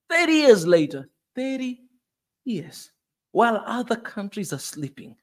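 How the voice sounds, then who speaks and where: Tanzanian-accented man, high voice, impassioned car vlog on rough roads, sweaty, repetitive, fired up. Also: very animated, measured pace. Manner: emphatic, repetitive, rising to anger. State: sweating on a bumpy ride. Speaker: vlogger. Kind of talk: passionate commentary vlog. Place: moving car on a bumpy road.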